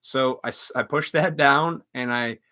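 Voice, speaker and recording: A man's voice: medium pitch, a little slow, pushed and bright. A man hosting a live stream, telling a story in a casual, indignant, profanity-laced rant full of restarts.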